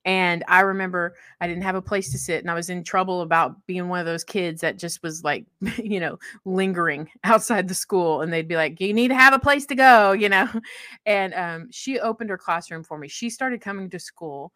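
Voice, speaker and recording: A young woman with a slightly low voice tells a personal story in easy, conversational speech. She is heartfelt and often laughs in the middle of sentences. The sound is close and dry. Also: moderate pace, hardly any pauses, a bit bright, no echo. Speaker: guest telling a personal story.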